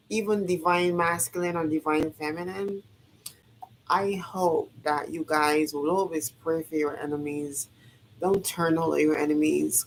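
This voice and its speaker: A woman's voice: low-pitched, slight background noise, poor audio. A woman in a casual motivational vlog monologue, talking in an emphatic, repetitive way, swearing freely as she preaches to her viewers. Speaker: vlogger.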